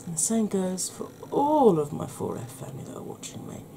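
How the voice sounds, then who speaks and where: A woman with a husky, croaky voice hosts a soft-spoken ASMR makeup tutorial, chatting gently to her viewers. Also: medium pitch, big pitch swings, brisk, a little hiss or hum. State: husky, croaky voice from a sore throat.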